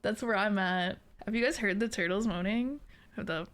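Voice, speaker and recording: A woman's voice: mid-range voice, moderate pace, a bit bright. A woman in her late twenties, a streamer chatting casually with her chat, giggly and swearing freely. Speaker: VTuber streamer.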